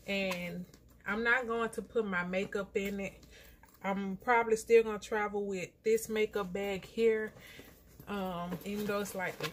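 Doing her hair at home, a young female vlogger talks casually to the camera, griping and letting off frustration to "y'all." Her pitch is medium, and a little background noise can be heard.

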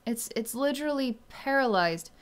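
Soft-spoken woman giving a slow psychic reading. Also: a little high, lively intonation, smooth. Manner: slow, hesitant speech with many pauses and fillers; soft and quiet when tuned in. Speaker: psychic energy healer. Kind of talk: solo reading monologue to camera.

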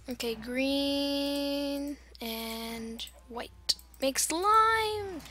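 A woman's voice: sits high, drawn-out words, sharp tone. A young woman chatting and rambling through casual gameplay commentary, giggling and wandering off on silly tangents. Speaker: gamer.

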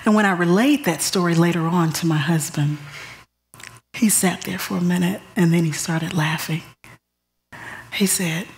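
A woman giving a storytelling sermon at church, who often drops to a hushed whisper for emphasis and repeats words as she gathers her thoughts. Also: on the low side, normal speed, long pauses. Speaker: church speaker.

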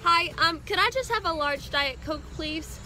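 A woman's voice: extremely high pitch, animated, moderate pace. A young woman vlogging casually in a rambling, chatty, self-deprecating way as she runs errands in the rain and in her car. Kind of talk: casual vlog chat.

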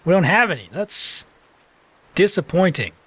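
A man giving casual let's-play commentary. He is excitable, swears casually, and talks back to the game as he plays. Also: high voice, moderate pace, husky, dry recording.

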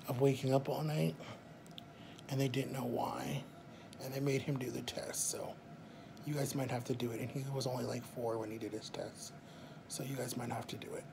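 A man's voice: medium pitch, steady tone, normal speed, vocal fry, background noise. A man vlogging casually to camera, talking straight to his viewers, a little out of breath. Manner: chatty, addresses viewers directly. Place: outside a hospital in early morning.

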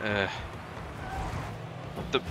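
A young man talks over his own gameplay in a bright, forceful voice, swinging from low grumbles to high, excited taunts. His pace is slow and drawn out, and faint game music plays under him. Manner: excitable, trash-talking, says "man" and "mate" a lot. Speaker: gamer. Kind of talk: live gameplay commentary.

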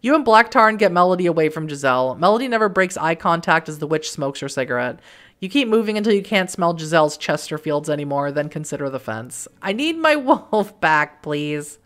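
A woman's voice: low-pitched, lively intonation, fast, fairly bright tone. A woman hosting a let's play, reading the game's text aloud with wry, joking asides.

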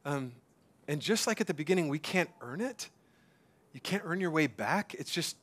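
A middle-aged man preaching a conversational sermon, animated, with many fillers and restarts, sometimes dropping to a soft hush. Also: on the high side, a little fast. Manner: drops to a soft hush for emphasis. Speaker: pastor.

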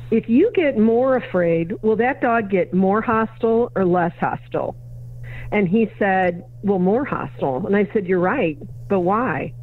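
A woman guest on a podcast, telling a story in conversation and acting out both sides of a dialogue. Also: medium pitch. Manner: acts out both sides of a dialogue, plays each remembered voice. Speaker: podcast guest, educator and consultant. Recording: narrow, phone-like audio of a remote interview.

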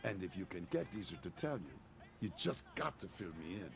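An actor playing a smooth-talking male town leader in a video game, folksy and welcoming. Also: deep voice, sing-song, fairly quick, noisy background, heavily acted.

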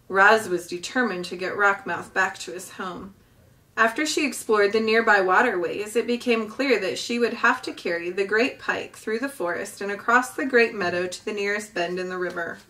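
A woman reading a children's novel aloud with gentle, expressive storytelling. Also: mid-range voice, distant mic. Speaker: storybook reader.

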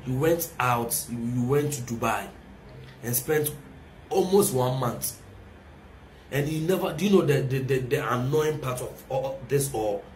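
A man's voice: mid-range voice, a little slow, a little mellow, roomy sound, slight background noise. A young Ghanaian man with a Ghanaian accent in an emotional casual rant, repeating himself and pleading, mixing in local words. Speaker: reality show contestant reacting on social media.

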